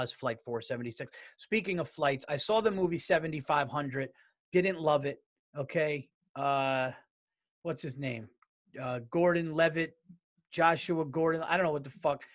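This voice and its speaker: A man's voice: on the high side, fairly bright tone. A man hosting his own podcast solo, ranting in a blunt, profane, fired-up way. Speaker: podcast host.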